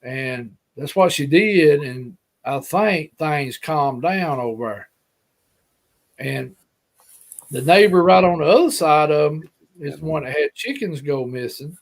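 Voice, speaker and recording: Alabama-accented male guest, folksy rambling storyteller, voice on the higher side. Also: lively intonation, a little slow. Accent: Alabama Southern. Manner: folksy, rambling, repeats himself. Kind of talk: casual storytelling.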